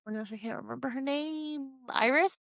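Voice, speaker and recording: A woman's voice: high-pitched, normal speed, creaky, fairly bright tone, no room sound, clean studio sound. A woman co-hosting a podcast, chatting casually about a book and retelling the plot with acted-out quotes. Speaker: podcast co-host. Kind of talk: casual book discussion chat.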